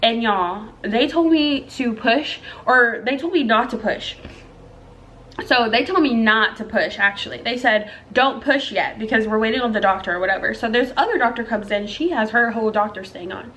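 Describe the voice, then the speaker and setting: A woman's voice: a little high, moderate pace, fairly bright tone, slight background noise. A young woman vlogger telling her own story in a chatty, emotional way, talking straight to her viewers. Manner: chatty, emotional, addresses viewers as girl and y'all. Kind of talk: casual storytelling to camera.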